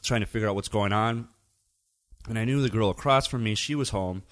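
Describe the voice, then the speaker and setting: A man's voice: on the low side, fairly quick. A middle-aged man telling a long story in casual podcast chat, swearing freely and acting out what everyone said. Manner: profane, animated, acts out quoted dialogue. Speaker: podcast guest, DJ.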